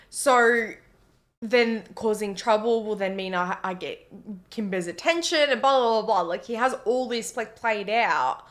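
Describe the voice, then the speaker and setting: A woman co-hosting a reaction video, chatting casually and playfully about a TV episode, quick to giggle. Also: medium pitch. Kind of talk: casual chat reacting to a TV show.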